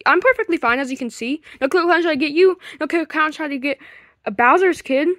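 A man's voice: very high voice, fast talker, fairly bright tone, dry recording, clean studio sound. A man voicing Mario as a bossy, short-tempered dad in a puppet fan video, scolding and dismissive.

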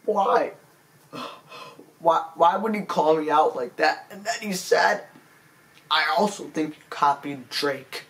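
A man delivering a mock-serious apology monologue as a comedy vlogger. He stammers and sounds tearful and self-pitying, and his pleading breaks into sudden high, squeaky cracks. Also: slow pace, a bit bright.

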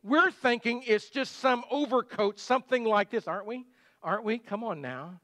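A man's voice: very high-pitched, animated, moderate pace, pushed and bright, dry recording. A middle-aged male pastor giving a conversational sermon full of rhetorical questions.

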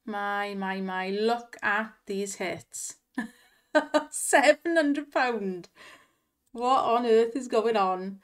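A young woman hosting a slot-win video, gushing and giggling in excited commentary. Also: mid-range voice, drawn-out words, pauses often.

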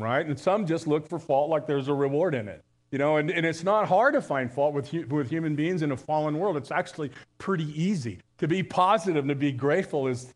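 A male pastor giving a live church sermon in a conversational way, telling jokes and often restarting his sentences. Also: a little high. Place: church service.

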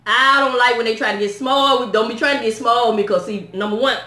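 A woman with a fairly high, sharp voice speaks briskly, vlogging a blunt and exasperated rant straight to the camera and firing questions at her viewers. The casual talk is recorded in an echoey room.

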